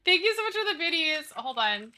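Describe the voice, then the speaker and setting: A woman's voice: very high-pitched, big pitch swings, a little fast, pushed and bright. A young woman streaming live, chatting casually, swearing freely and apologizing as she fiddles with her settings.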